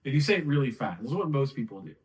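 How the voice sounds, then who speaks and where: A man teaching a sales technique in a casual, conversational way, acting out phone lines and slowing down to demonstrate them. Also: mid-range voice, very animated, darkish tone, rough recording. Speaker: sales coach. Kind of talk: casual talking-head tutorial.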